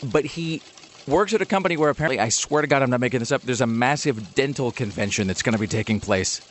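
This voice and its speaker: A male radio host talks at a fast clip in a loose, joking chat. His humor is wry and he tends to ramble. A faint background hum sits under the voice. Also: medium pitch.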